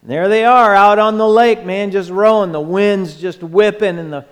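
A pastor preaching a sermon, telling the story with lively, animated storytelling and acting out the voices of the people in it. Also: male voice, high voice, normal speed. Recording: long hall reverb.

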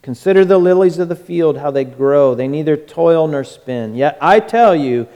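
A man preaching a sermon with fervor, moving between loud urging and a soft hush. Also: a little high, animated, moderate pace, in a large hall, dull audio.

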